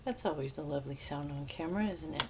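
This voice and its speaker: Low-voiced homey woman cooking at home. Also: fast talker, background noise. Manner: chatty and homey, talking viewers through each step. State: talking with her mouth full. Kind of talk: casual cooking demonstration. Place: home kitchen.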